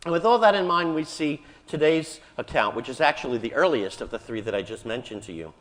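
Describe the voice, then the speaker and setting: A man's voice: fairly high pitch, lively intonation, fairly quick, fairly bright tone. A man preaching a sermon as a priest, telling the story vividly and raising his voice for the quoted lines. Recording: church hall reverb.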